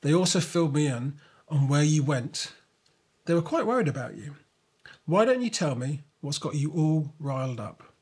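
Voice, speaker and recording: A man voicing a gentle, wise father in a storybook reading, speaking softly and reassuringly. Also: on the high side, lively intonation, moderate pace, husky. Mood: kind.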